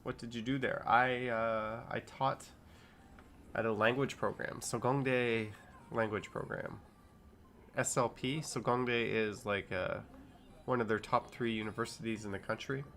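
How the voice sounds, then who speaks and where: A man's voice: medium pitch, fairly even intonation, unhurried, a bit bright, slight background noise. A man in his thirties hosting a casual livestream, reading viewers' comments aloud and riffing on them. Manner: chatty, reads chat comments aloud and riffs on them. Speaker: streamer reading live chat.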